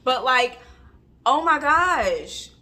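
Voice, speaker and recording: A woman's voice: high-pitched, sing-song, extremely slow, bright, forceful tone. A woman giving a casual vlog review of a reality TV episode, chatty and emphatic, with lots of filler words.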